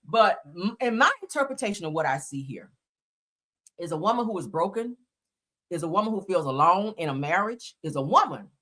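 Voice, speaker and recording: This live show host, a woman whose voice is on the low side with big pitch swings, talks briskly with a somewhat bright tone. She reads viewers' comments aloud and tears into reality TV with blunt, profane, emphatic remarks, often laughing.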